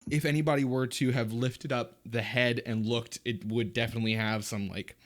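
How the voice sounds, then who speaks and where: A man running a tabletop game as game master, describing scenes in a relaxed, loose way with many pauses. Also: medium pitch.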